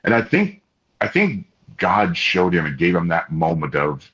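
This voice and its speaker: A man, an interview guest and family spokesman, telling stories in an excitable, animated way with many restarts. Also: low voice, moderate pace. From Kansas. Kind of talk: casual interview storytelling. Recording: slightly dull lo-fi audio.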